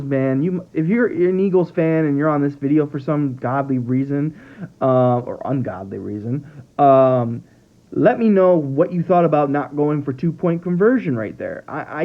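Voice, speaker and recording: Rambling man with tinny phone-like sound. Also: fairly high pitch. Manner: rambling, animated, trips over words. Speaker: sports vlogger. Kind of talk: casual football commentary. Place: at home with his dogs.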